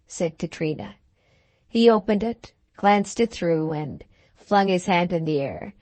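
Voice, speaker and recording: Woman reading an audiobook real slow and careful, dry close mic. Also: on the low side, sing-song, a little mellow, no echo. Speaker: audiobook narrator. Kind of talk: scripted audiobook narration.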